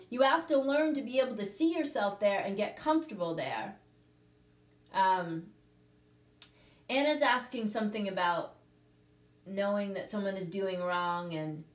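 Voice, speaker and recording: A woman with a mid-range voice hosts a casual livestream chat as a prosperity teacher, and the sound is reverberant. She coaches earnestly, pausing to ask "okay?" while she teaches.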